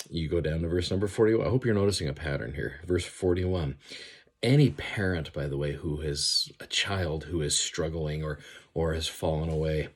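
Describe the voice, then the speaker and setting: A man's voice: extremely low pitch, normal speed, slightly rough. A man giving an earnest devotional scripture commentary, reading verses aloud and explaining them in a casual, heartfelt way. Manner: earnest, reads verses aloud with rising emphasis. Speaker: scripture teacher.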